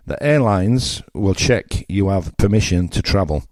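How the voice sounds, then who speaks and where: A low-voiced older Englishman with a Yorkshire accent hosts his radio slot, blunt and mocking as he talks straight to listeners. His tone is dark and mellow, and the recording is close and dry with no room sound. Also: lively intonation, a little slow, no echo. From England. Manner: blunt, mocking, conversational with asides. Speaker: radio presenter. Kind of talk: opinionated radio monologue.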